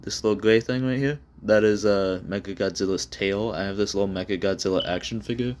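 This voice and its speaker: A man with a very low voice talks casually while he draws, rambling through fillers, swearing and putting himself down. He speaks into a phone propped on his desk. A faint hiss sits under the recording. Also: fairly even intonation, brisk, a little mellow. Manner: self-deprecating, rambling, frequent fillers and swearing. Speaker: vlogger drawing on camera.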